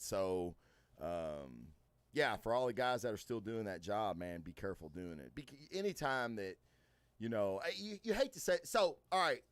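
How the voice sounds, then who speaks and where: On a studio mic with no room sound, a medium-pitched man hosts a casual podcast. His storytelling is loud and loose, packed with filler words and plenty of profanity.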